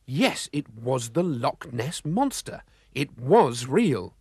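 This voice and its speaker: A man narrating a children's storybook with a lively, expressive reading. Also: mid-range voice, takes it slowly, husky, dry recording.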